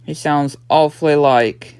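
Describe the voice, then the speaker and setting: 19 yr old guy rambling thru an episode recap, lots of yeah and and, smooth voice. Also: fairly high pitch, fairly even intonation, a little slow, darkish tone, no echo. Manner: rambling, full of "yeah" and "and" fillers. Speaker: episode reviewer.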